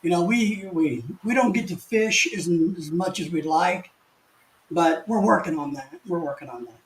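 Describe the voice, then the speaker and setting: Older guy hosting a live chat stream, high-ish voice, folksy and rambly, reads comments and chuckles. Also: a little slow, low-quality recording. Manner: folksy, chatty, frequent restarts and chuckles.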